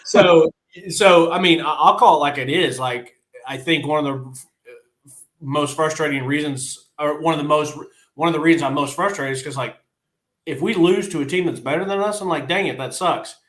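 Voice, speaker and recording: Casting a blunt, frustrated male podcast co-host who chuckles through his rants, slightly high voice, roomy sound. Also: normal speed, a bit bright. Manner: blunt, frustrated, laughs often. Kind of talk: casual sports chat.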